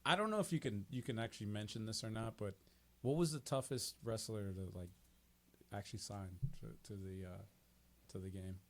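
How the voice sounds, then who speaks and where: A man hosting a casual podcast, asking questions and chiming in with relaxed interjections. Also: on the low side, a little fast, slight background noise. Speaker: podcast host.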